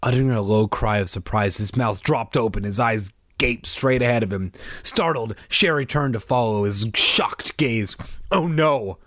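A man's voice: lowish voice, moderate pace, a bit bright, dry recording, clean studio sound. A man reading a children's book aloud, tossing in wry asides. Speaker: reader.

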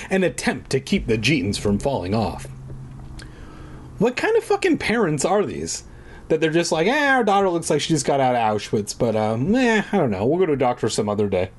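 A man's voice: medium pitch, slightly rough. Irreverent man reading aloud with asides. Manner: irreverent, swearing asides, drinking while reading. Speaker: comedic reader. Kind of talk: comedic reading of a children's book with asides.

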